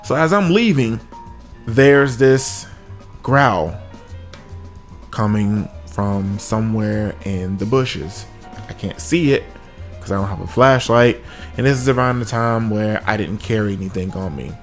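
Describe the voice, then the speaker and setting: A man telling a comic story from his own life, with sudden high-pitched exclamations. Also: a little slow. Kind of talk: comedic story time. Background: faint music.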